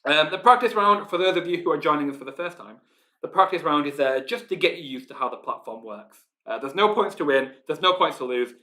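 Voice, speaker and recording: A chatty Yorkshireman hosts a live online quiz, reading out the players' team names and chuckling along the way. His voice sits a touch high for a man and has a bright, forceful ring to it. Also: lively intonation, fairly quick. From Yorkshire, England. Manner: chatty, reads out team names, laughs often. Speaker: quiz host.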